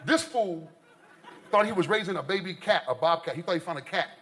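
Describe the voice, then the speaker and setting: A man from the United States doing live stand-up, telling stories in an animated, exaggerated way. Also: sits high, brisk, a crowd in the background. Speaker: stand-up comedian. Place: stage before a live audience. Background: faint audience laughter.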